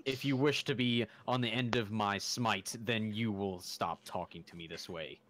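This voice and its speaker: A man's voice: on the low side, moderate pace, noisy background, lightly acted. A man doing a haughty divine being.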